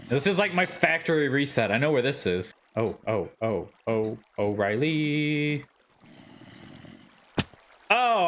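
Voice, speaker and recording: A man streaming a game live, talking to himself and his chat, quick to yelp and shout at enemies. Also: a little high. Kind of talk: live gameplay commentary.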